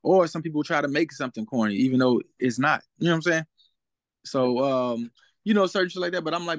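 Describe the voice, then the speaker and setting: A man's voice: fairly high pitch, quick pace, no echo. A young man as a guest in a casual interview, talking in a laid-back way and often asking "you know what I'm saying?".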